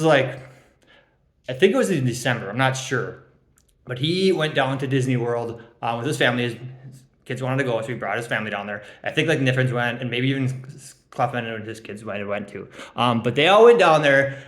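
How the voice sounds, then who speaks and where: Handing out fantasy draft grades, a young man teases his league friends in a lighthearted roast, rambling with plenty of ums and chuckling at his own jokes. His voice is mid-pitched, animated, and fairly quick, with a roomy sound.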